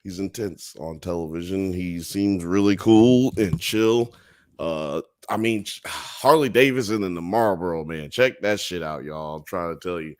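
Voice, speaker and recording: Low-voiced man hosting. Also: measured pace, a little mellow, smooth. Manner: blunt, profane, hot takes. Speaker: host. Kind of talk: casual late-night podcast banter.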